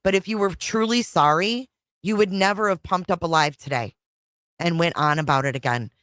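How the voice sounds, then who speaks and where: A woman's voice: lowish voice, moderate pace, fairly bright tone, dry recording, studio quality. A middle-aged woman hosting a casual livestream chat, frustrated and rambling, repeating herself and swearing. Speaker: livestream host.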